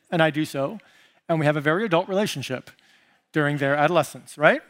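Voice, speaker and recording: A middle-aged man, a pastor delivering a sermon, emphatic and playful, with big swings of pitch and loudness. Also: fast, clear, resonant tone. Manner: playful asides and mimicry.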